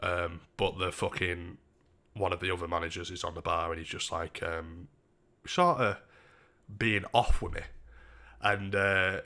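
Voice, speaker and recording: A man's voice: low-pitched, unhurried, long pauses. A young man on a home live stream, telling a rambling, sweary story with lots of restarts. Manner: sweary, rambling, restarts a lot, animated when quoting. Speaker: livestreamer. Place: home kitchen.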